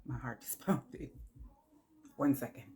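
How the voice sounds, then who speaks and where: A woman with a low voice speaks straight to her viewers in a personal vlog. She is tearful and halting, pausing often and filling gaps as she works up to hard news. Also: a little mellow, a little hiss or hum. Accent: New York. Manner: halting, emotional, many pauses and fillers. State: tearful, crying. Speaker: vlogger.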